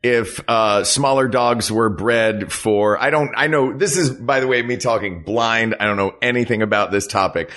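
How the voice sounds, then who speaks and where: A man co-hosting a comedy podcast, talking casually with deadpan jokes and thinking aloud. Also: lowish voice, moderate pace, hardly any pauses. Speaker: podcast co-host.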